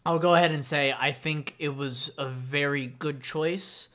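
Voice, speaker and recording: A man's voice: a little high, steady tone, a little slow, sharp tone. A man co-hosting a podcast, chatting casually about an anime with many fillers and restarts. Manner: rambling, frequent fillers and restarts. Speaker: podcast co-host.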